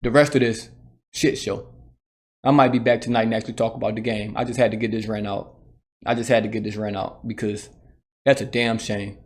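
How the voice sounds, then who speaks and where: Male sports host, mid-pitched voice, fired-up and profane solo rant. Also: a little mellow. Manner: heated, profane, repetitive ranting.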